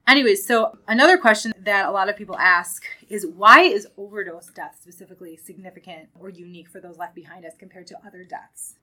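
A woman's voice: mid-range voice, brisk, hardly any pauses, sharp tone, low-quality recording. A woman hosting a podcast, talking in an earnest, emphatic conversational way with many casual fillers. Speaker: podcast host.

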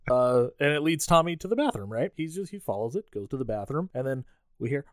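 A man's voice: mid-range voice, lively intonation, fairly quick, no room sound, studio quality. A man co-hosting a podcast, recapping a movie in casual, profane, joking chat and acting out characters' lines. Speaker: podcast co-host.

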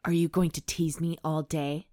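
Woman reading a shy young witch girl, soft-spoken storybook read-aloud, lowish voice. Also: flat delivery, normal speed, natural voice.

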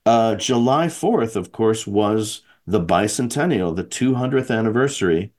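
A man's voice: fairly low pitch, lively intonation, unhurried, darkish tone. A man hosting a podcast in casual chat, rambling and correcting himself with frequent chuckles. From American Midwest. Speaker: podcast host.

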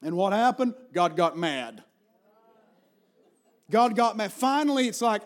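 A middle-aged man with an Appalachian accent preaching a Pentecostal sermon, moving from hushed storytelling to loud, fervent calls to the congregation. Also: sits high, very animated, a little slow. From Virginia, Appalachian Mountains. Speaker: pastor.

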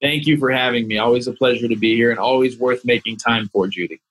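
A man's voice: medium pitch, fairly even intonation, fast talker, fairly bright tone, no room sound, poor audio. A man who is a family law attorney, explaining things methodically as a podcast guest.

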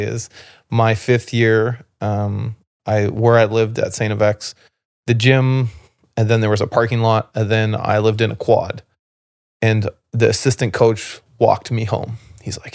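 A man from Canada with a lowish, gravelly voice rambles through a long story on a podcast. His talk is loose and full of fillers and restarts. The recording is close and dry, with no room sound. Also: a little mellow, no echo. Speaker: podcast guest, former basketball player. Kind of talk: casual storytelling conversation.

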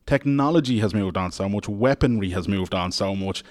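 A man's voice: lowish voice, moderate pace. A man arguing bluntly and with exasperation in a studio debate. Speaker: panelist.

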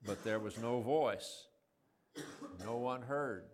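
A man's voice: medium pitch, slow pace. A man giving a sermon, reading scripture and explaining it in a conversational way, asking the listeners questions and raising his voice for quoted lines. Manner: conversational, asks the audience questions; reads scripture quotes in a raised voice. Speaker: preacher.

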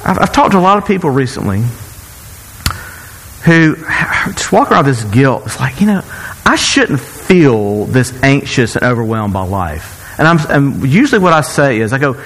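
Animated male pastor preaching in a hall. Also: normal speed. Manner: animated, jumps high to act out quoted cries; sarcastic, joking asides. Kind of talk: sermon.

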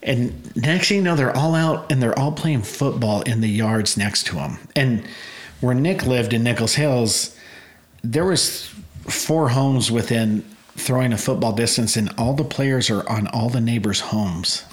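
A man in his forties, a guest and pizza business owner, telling rambling, animated stories in casual chat. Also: medium pitch, unhurried. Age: 40s. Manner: animated, rambling anecdotes with voiced quotes. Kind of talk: casual storytelling.

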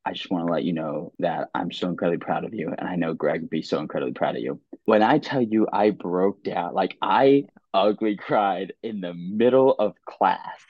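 A young man in casual podcast conversation, earnest and halting, often restarting his sentences. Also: sits low, no echo. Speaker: podcast guest. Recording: dry, dull lo-fi sound.

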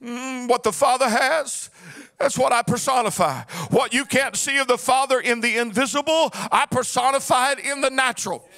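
A man preaching as pastor, swinging from a low murmur to high, chanted shouting in a sing-song cadence. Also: moderate pace. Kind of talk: sermon.

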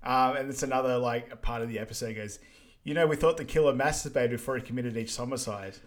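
A man co-hosting a podcast, recapping a film in relaxed casual chat with dry asides. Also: medium pitch, quick pace. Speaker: podcast co-host.

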